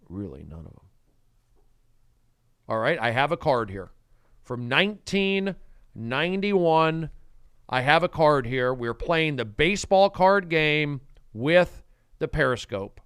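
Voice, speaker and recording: Brief: male livestream host, erratic, lively pitch, dry close phone sound, talks to viewers. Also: slow, long pauses, clear, resonant tone, dry recording. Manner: erratic, swings between shouting and mumbling. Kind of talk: rambling solo livestream chat.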